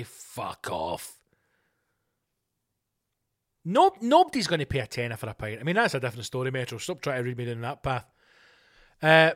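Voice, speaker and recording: A Scottish man hosting a podcast, reading news items aloud and ranting about them in a sweary, exasperated way. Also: fairly high pitch. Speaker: podcast host.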